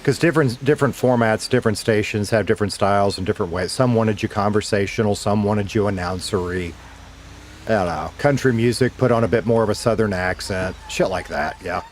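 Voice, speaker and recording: A man's voice: fairly low pitch, brisk, a little hiss or hum. A middle-aged man, a former radio DJ, casually chatting with viewers while streaming a game, laid-back and swearing now and then.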